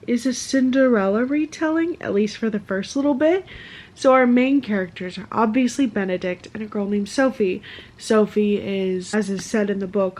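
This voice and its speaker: A young woman vlogging casually about her reading, chatty and rambling with lots of fillers. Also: mid-range voice. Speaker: book vlogger. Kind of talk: casual vlog chat.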